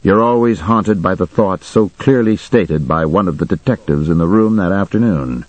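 A man narrating a first-person audiobook in a measured, matter-of-fact way. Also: low-pitched, animated, darkish tone, no echo, low-quality recording.

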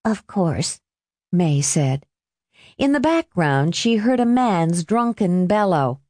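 Warm-voiced woman narrating a novel. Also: fairly low pitch, very animated, takes it slowly, no room sound. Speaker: audiobook narrator. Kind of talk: scripted narration.

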